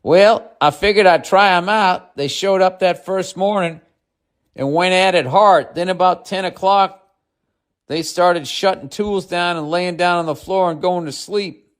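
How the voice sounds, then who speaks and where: A man's voice: high voice, unhurried, voice pushed up. A man voicing a folksy older Southern carpenter boss, with a Southern accent and a drawling storytelling manner.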